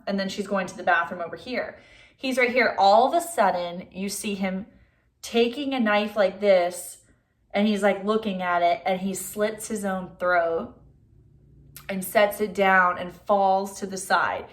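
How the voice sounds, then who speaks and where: A young woman recaps a film plot in a loose, chatty vlog style. Her voice sits at an ordinary middle pitch, and "like" fills most of her sentences. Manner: chatty, says "like" a lot; acts out characters' lines in quick voices. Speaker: movie reviewer.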